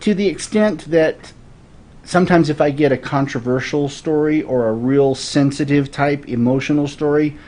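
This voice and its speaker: A man's voice: on the high side, moderate pace, dark tone. A man in his forties from Florida, a guest telling stories in an earnest, thoughtful way in a casual interview.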